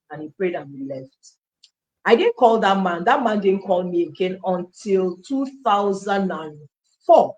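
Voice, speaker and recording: A Nigerian woman telling her life story as an interview guest, an animated storyteller who acts out quoted dialogue and slips into Pidgin. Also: mid-range voice, moderate pace. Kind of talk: personal testimony in an interview.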